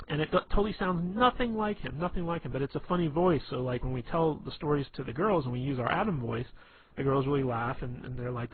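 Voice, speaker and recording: Man, mid-pitched, rambling advice vlogger, tinny phone-like sound. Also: a little hiss or hum. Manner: rambling, loose, full of "you know" and restarts. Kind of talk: casual advice monologue.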